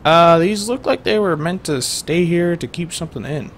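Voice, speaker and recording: A man's voice: on the high side, expressive, normal speed, slight background noise. A young man giving rambling, jokey let's-play commentary to his viewers as a gaming host.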